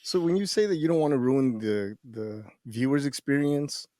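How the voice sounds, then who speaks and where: A man's voice: mid-range voice, animated, moderate pace, mellow, no echo, clean studio sound. A man co-hosting a podcast who asks curious questions, stumbling as he starts them. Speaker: podcast co-host. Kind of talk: casual podcast chat.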